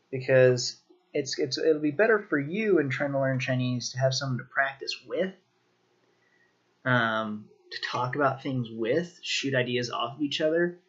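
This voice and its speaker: A man giving a casual video lesson on vocabulary, talking in a relaxed way with lots of ums and restarts. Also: medium pitch, lo-fi sound. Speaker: language teacher.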